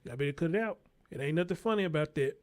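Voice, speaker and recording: A man's voice: a little high, expressive, rapid-fire. A man hosting his own show, giving a blunt, profane, unscripted commentary and repeating his points for emphasis, speaking.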